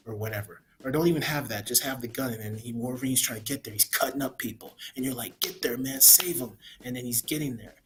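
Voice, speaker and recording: A man of middle pitch rants casually through a spoiler review of a movie. He rambles and restarts, blunt and opinionated, often tacking "man" onto his sentences. Faint noise sits under his voice. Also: a bit bright.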